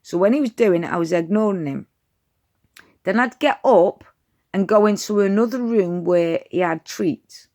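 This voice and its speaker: A woman's voice: mid-range voice, normal speed, a little mellow. A woman, giving dog training advice in a chatty, direct vlog style. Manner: chatty, direct, addresses viewers as "you lot".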